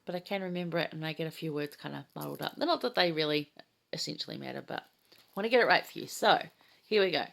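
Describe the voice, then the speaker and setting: Woman, fifties, low pitch, gravelly fry, enthusiastic, heartfelt, casual scripture teacher. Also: expressive, quick pace. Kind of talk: casual gospel study chat.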